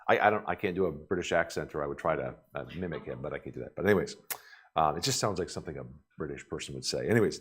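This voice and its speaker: A man's voice: very deep voice, lively intonation, rapid-fire, husky. Male pastor, church sermon, conversational delivery with rhetorical questions.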